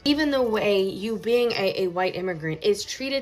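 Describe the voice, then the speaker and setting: A woman's voice: medium pitch, expressive, moderate pace, soft background music. A woman giving emphatic, lecturing commentary to camera, repeating words for stress. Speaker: social media commentator.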